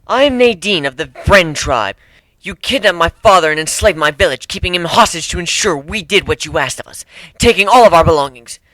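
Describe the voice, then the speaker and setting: A man's voice: sits high, expressive, fairly quick, bright, forceful tone, no echo, low-quality recording. A man voicing a fierce young cat-woman tribal warrior who speaks in a proud, accusing, formal way. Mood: furious.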